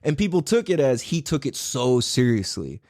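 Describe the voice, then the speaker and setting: A man hosting a podcast in casual chat, swearing freely and jumping up into a higher voice to act out what others said. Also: normal speed, no echo, studio quality. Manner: animated, swears a lot, acts out quotes in a higher voice. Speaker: podcast host.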